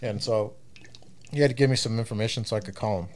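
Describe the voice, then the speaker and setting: A man co-hosting a podcast, casually telling a profane story in a relaxed, animated way. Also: lowish voice, fast, slight background noise. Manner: laid-back, profane, animated retelling. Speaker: podcast co-host.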